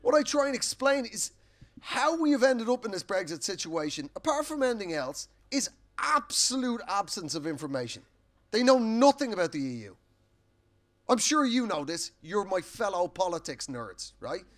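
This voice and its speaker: A man's voice: sits high, big pitch swings, moderate pace, a bit bright. An Irish man doing a live stand-up set on a festival stage, telling sweary, punchy stories full of tag questions. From Ireland. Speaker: stand-up comedian.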